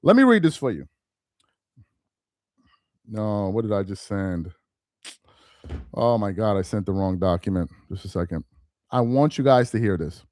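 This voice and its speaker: A man hosting a live-stream commentary, reading aloud slowly with heavy emphasis and mocking what he reads. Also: fairly low pitch, big pitch swings, darkish tone, dry recording, clean studio sound. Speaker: political commentary host.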